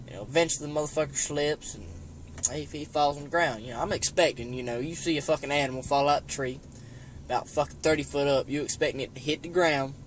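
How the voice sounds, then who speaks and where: A young man telling a hunting story in a rambling, profane way, padding every line with "you know". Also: on the high side. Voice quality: rambling, heavy swearing, constant "you know". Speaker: storyteller vlogger. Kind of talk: casual storytelling.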